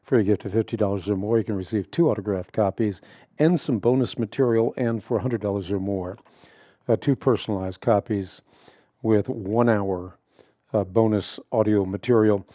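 A man hosting a radio Bible program, explaining scripture in a measured, emphatic way with frequent fillers and restarts. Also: fairly low pitch, mellow, dry recording, studio quality. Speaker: radio show host answering Bible questions. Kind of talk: radio teaching monologue.

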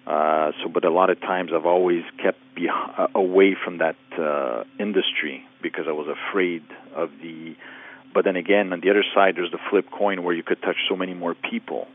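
A very deep-voiced man calls in to a radio program and speaks haltingly, stopping and restarting his sentences. His voice comes through a thin, tinny phone line. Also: fairly even intonation. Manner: hesitant, halting, many restarts. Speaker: caller. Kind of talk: phone-in question.

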